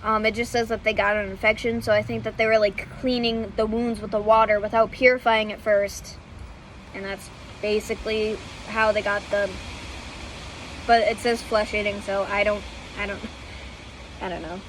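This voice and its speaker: Telling history as casual unscripted storytelling, this woman vlogger stumbles through fillers and self-corrections and frequently laughs at herself. Her medium-pitched voice shows little pitch movement at a normal speed, on a rough recording with slight background noise.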